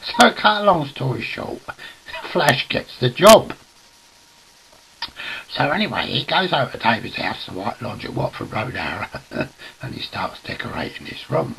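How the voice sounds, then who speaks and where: Gravelly older man telling a yarn. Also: mid-range voice, big pitch swings, moderate pace, sharp tone, slight background noise, low-quality recording. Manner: chuckles through his words, swears freely. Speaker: storyteller. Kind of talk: casual anecdote to camera.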